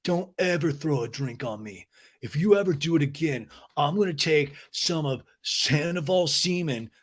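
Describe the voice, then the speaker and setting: A man playing a lazy young guy who mumbles low and flat. He makes threats quietly, with no heat in his voice. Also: moderate pace. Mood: deadpan threat.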